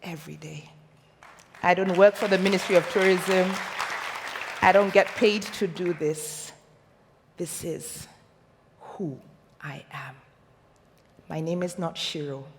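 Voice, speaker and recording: Kenyan woman speaker, deliberate unhurried delivery, passionate rhetorical questions, big reverberant hall. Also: lowish voice, a faint crowd, a little hiss or hum. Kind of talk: motivational stage talk. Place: stage in a large hall.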